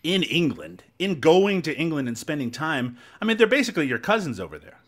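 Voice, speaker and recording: A man's voice: fairly high pitch, sing-song, a little fast, a bit bright. A man from Newfoundland hosting a podcast, teasing his co-host and laughing often in casual chat. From Newfoundland, Canada.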